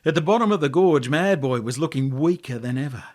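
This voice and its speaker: A man with an Australian accent, the author, reading his own story aloud in a slow, hushed, expressive storytelling manner. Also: a little high.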